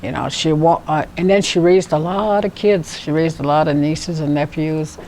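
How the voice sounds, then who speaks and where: Casual woman teacher, laughs through her stories, breaks words into slow syllables, faint background noise. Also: sits low, mellow. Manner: laughs often while telling stories; spells out syllables slowly. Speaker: language teacher. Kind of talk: classroom teaching with anecdotes. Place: classroom.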